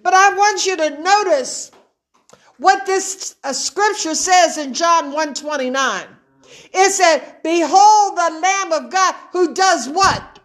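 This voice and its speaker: High-voiced woman preaching slowly. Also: a bit bright. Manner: emotional, fervent preaching with call-and-response. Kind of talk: sermon.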